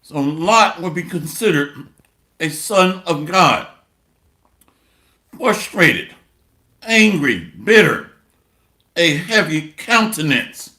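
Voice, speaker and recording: A high-pitched man preaches slowly with a gravelly edge. His tone is bright and sharp, blunt and mocking as he reads scripture and drives his points home, in a roomy, echoing space. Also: lively intonation. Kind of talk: sermon with scripture reading.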